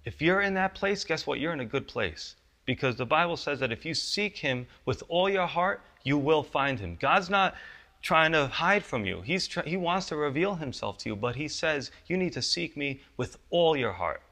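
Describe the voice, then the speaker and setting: A man's voice: fairly high pitch, lively intonation, normal speed, creaky, sharp tone. A male pastor giving a conversational sermon, often asking the congregation rhetorical questions.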